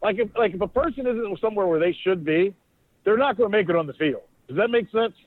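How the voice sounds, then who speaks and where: A man co-hosting a podcast, telling a long story in casual chat, animated and swearing freely as he acts out what people said. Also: sits high, quick pace, no room sound. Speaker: podcast co-host, sports reporter. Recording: dry, phone-like sound.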